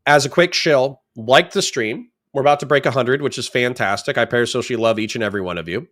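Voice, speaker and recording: A man's voice: mid-range voice, fast, fairly bright tone. A man giving blunt, sarcastic, profane commentary on a livestream while reacting to a video.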